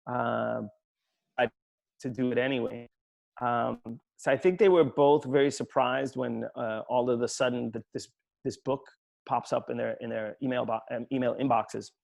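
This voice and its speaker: A man, an author from Sweden, tells a personal story at an online book talk in a reflective, halting way, often restarting his sentences. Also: medium pitch, steady tone, creaky, darkish tone.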